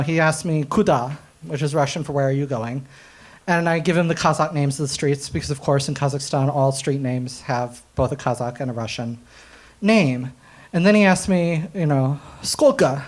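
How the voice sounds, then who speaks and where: A young American man doing stand-up storytelling on stage at a comedy night, animated, often laughing at his own jokes, with plenty of ums and uhs. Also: a little high. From United States.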